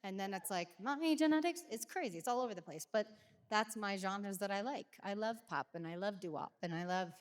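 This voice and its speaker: A woman's voice: medium pitch, a little fast. Woman, thirties, singer, casual rambling chat, lots of fillers, long reverb. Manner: rambling, animated, many fillers and quoted voices. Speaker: singer answering fan questions. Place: backstage at a concert venue.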